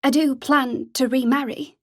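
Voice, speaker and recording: A woman's voice: high voice, fairly even intonation, unhurried, pitched above the performer's own voice. A woman reading the lines of a frightened eighteen-year-old young woman who answers carefully with a slight tremble. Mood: nervous.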